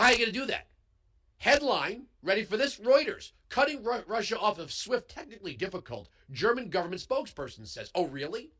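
Fired-up guy ranting on his talk show, high bright voice, studio mic. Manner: heated, emphatic, swings into yelling. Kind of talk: political commentary monologue. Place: radio studio. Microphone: studio broadcast microphone.

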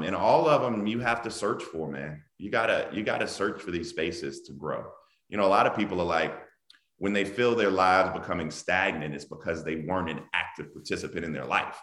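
A very deep-voiced man speaks as a guest on a video call. He talks in an animated, emphatic way and laughs often. His voice rings around a noticeably echoey room. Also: normal speed. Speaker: guest author. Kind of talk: casual interview over video call.

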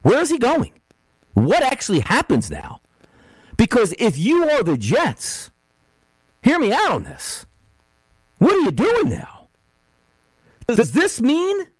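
A male sports betting show host working through a solo monologue. His fairly high voice leaps wildly up and down as he asks question after question and acts out imagined quotes. The room sounds dry and close. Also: no room sound, rough recording.

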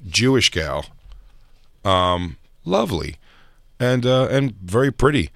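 A man's voice: lowish voice, very animated, takes it slowly, creaky, fairly bright tone, no room sound, studio quality. A man co-hosting a podcast, rambling through crude stories in casual banter with plenty of fillers. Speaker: podcast co-host.

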